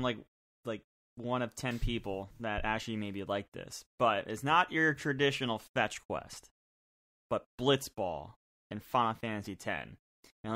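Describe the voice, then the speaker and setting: A man's voice: mid-range voice, a bit bright. A man co-hosting a podcast in casual chat, setting up a point and then explaining it. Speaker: podcast co-host.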